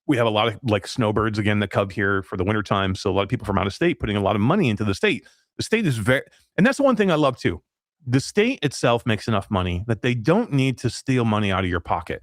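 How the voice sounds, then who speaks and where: Animated ranting man in a dry room. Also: fairly low pitch, no echo. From New York. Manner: animated, ranting, laughs often. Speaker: podcast host. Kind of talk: casual chat.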